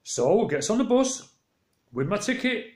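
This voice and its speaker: A man's voice: high-pitched, measured pace, reverberant. A man telling stories from his day in a casual, rambling vlog, acting out both sides of each exchange. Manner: rambling, animated retelling with quoted exchanges. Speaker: vlogger. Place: walking around outdoors.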